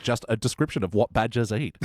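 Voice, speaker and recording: A man's voice: mid-range voice, brisk, darkish tone, no room sound. A man hosting a casual podcast chat, asking questions and laughing often. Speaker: podcast host.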